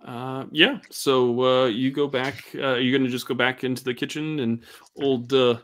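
A man runs a tabletop game as its narrator. His voice sits at a middle pitch, and he rambles along, restarting his sentences often. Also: fairly even intonation, moderate pace, fairly bright tone. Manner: rambling, many fillers and restarts. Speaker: game master.

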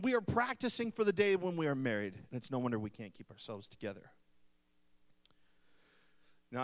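A man with a notably high voice delivers a sermon to a congregation gathered in a church hall. He talks straight to the crowd, mixing earnest teaching with playful teasing asides and quick jokes. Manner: playful, joking asides to the audience. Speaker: preacher.

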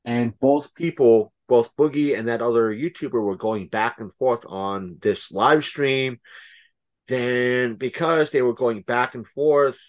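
Podcast co-host, male, mid pitch, slow unhurried delivery, rambling with many fillers, blunt and profane. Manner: rambling, heavy with fillers and restarts; blunt, swears freely. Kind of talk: casual chat.

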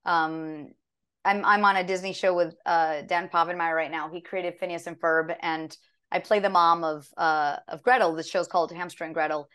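Chatty woman telling animated stories. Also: lowish voice, moderate pace, clear, resonant tone. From half American. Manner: chatty, animated storytelling with acted quotes. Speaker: voice actress guest. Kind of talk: casual interview chat.

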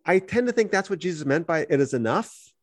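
A man's voice: fairly high pitch, fairly quick, dry recording, studio quality, faint music behind. A man co-hosting a podcast who reads Bible verses aloud and explains them in a conversational teaching style. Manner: animated, reads scripture aloud then explains it.

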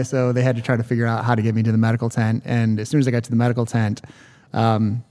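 A man talking in a halting, hesitant way in casual conversation, with many fillers. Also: medium pitch, level tone, darkish tone. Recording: room with long reverb.

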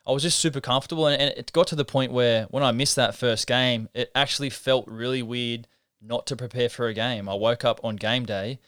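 Man, 30s, interview guest, earnest and reflective, smooth resonant voice. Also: medium pitch, fairly even intonation, fairly quick, a bit bright, dry recording, clean studio sound. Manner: reflective, earnest storytelling with frequent restarts. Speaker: interview guest, professional rugby league halfback. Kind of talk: casual interview conversation.

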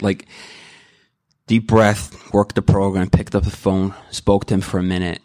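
A man's voice: on the low side, animated, moderate pace, dry recording, clean studio sound. A middle-aged man giving an earnest, rambling personal testimony at a recovery meeting, full of restarts and candid emotion. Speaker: member sharing at a recovery meeting.

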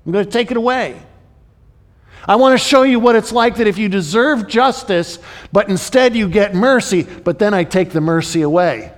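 A man's voice: high voice, moderate pace, voice pushed up, natural voice. A man voicing God, explaining in an earnest, rising, insistent way. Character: patient, pleading divine voice, male. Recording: long hall reverb.

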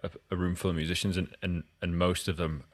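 A man's voice: low-pitched, level tone, quick pace, no room sound, studio quality. A Scottish man hosting a podcast interview, talking in a loose, rambling way with many restarts. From Scotland. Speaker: podcast host. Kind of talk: casual interview chat.

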